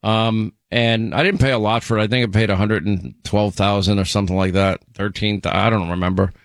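A man's voice: fairly low pitch, fairly even intonation, brisk, dry recording, studio quality. A man hosting a call-in radio show, chatting with callers and rambling through personal stories. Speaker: radio talk show host.

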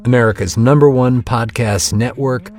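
A man's voice: mid-range voice, fairly even intonation, normal speed, a little mellow. A man narrating a scripted podcast trailer in a dramatic way.

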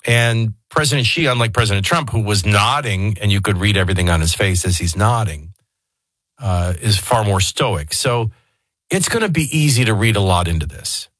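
A man's voice: fairly low pitch, lively intonation, normal speed, fairly bright tone, no room sound. A man hosting a talk radio show, speaking in a conversational, digressive way with folksy asides, into a studio microphone. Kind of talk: casual talk radio commentary.

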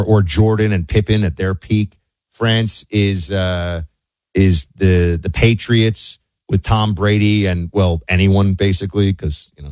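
A man's voice: deep voice, darkish tone, no room sound. A man hosting a show, talking casually in a rambling way, often correcting himself mid-sentence. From United States. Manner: rambling, self-correcting, chatty. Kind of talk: casual monologue.

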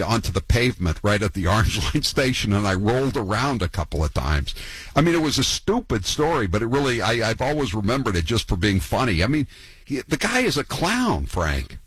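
Husky low-voiced radio host man. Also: sing-song, a little fast, fairly bright tone, dry recording, low-quality recording. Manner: wry, gossipy, rambling storytelling. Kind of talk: call-in radio talk.

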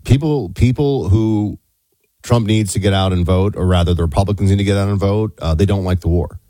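Lively man co-hosting talk radio. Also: low voice, fairly quick, no echo. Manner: animated, jokey, emphatic asides, mock accents. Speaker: radio talk show co-host. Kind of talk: casual talk radio banter and host-read ad.

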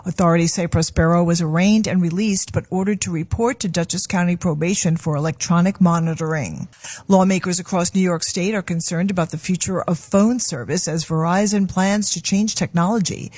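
A woman with a breathy voice reading local radio news in a steady, clear manner. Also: on the low side, no room sound. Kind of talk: radio newscast.

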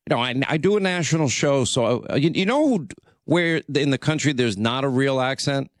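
A man hosts a call-in radio show, chatting with callers and reading an ad. His voice is mid-pitched and comes across dry and close. He talks briskly and often stumbles over his starts. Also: animated, dry recording. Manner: brisk, stammering restarts, friendly banter. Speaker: radio talk show host.

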